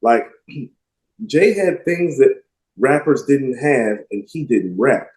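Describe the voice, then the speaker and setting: A man co-hosting a casual music discussion podcast, emphatic and animated. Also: mid-range voice, slow. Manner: animated, emphatic, quotes lyrics with relish. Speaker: podcast co-host. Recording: roomy echo.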